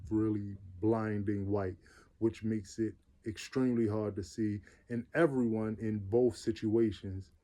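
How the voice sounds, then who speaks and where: Earnest man with a mellow voice. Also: on the low side. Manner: earnest, repeats phrases for emphasis; loose everyday speech with restarts. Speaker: vlogger telling his own life story. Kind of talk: casual personal storytelling.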